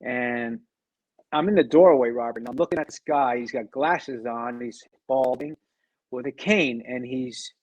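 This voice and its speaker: A middle-aged man telling a personal story as an interview guest, animated, acting out the people he quotes and often restarting his sentences. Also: medium pitch, a little slow, no room sound, lo-fi sound. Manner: animated, acts out quoted dialogue, frequent restarts.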